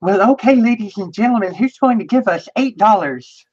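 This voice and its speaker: A livestream co-host putting on a theatrical impression of a breathy old-time showbiz star, in dull lo-fi livestream audio. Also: mid-range voice, normal speed, a little mellow, pitched above the performer's own voice, natural voice.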